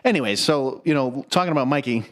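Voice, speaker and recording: A man's voice: medium pitch, lively intonation, fast talker. A man hosting a casual podcast chat, rambling with lots of fillers and casual swearing. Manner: rambling, heavy with fillers like "like" and "you know". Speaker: podcast host.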